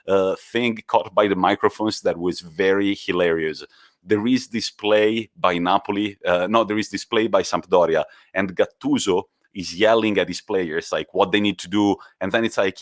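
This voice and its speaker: A man's voice: fairly low pitch, no echo, studio quality. Man hosting football chat. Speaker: podcast co-host.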